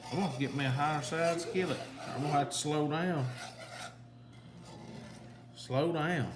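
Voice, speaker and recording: A man's voice: a little high, a little slow, roomy sound, noisy background. A man, chatting to his viewers as he demonstrates a home recipe in his kitchen. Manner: folksy, chatty, talks straight to viewers. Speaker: home cooking video host. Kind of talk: casual cooking demonstration. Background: whisking and cooking sounds.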